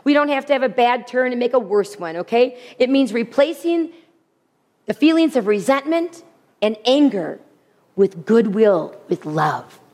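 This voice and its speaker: A woman's voice: a little high, a little slow. Woman preaching with humor in a reverberant hall. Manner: animated, humorous, repeats key phrases. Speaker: women's speaker. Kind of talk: sermon.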